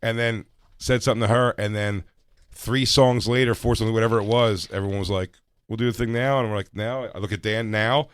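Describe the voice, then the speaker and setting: Man co-host, smooth voice, dry sound, animated loose storytelling. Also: on the low side, a little fast, dry recording. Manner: animated, swearing, acts out quotes. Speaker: podcast co-host. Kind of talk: casual chat.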